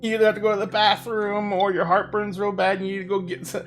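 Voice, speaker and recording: A woman's voice: mid-range voice, level tone, quick pace, soft background music. A woman running a tabletop role-playing game as game master, narrating with frequent laughter. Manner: laughs often while narrating.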